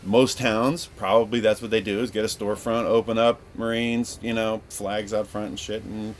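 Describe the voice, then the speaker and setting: A man from Northern California hosting a podcast, rambling through a casual, profane story in an animated way. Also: lowish voice, normal speed, slight background noise. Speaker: podcast host.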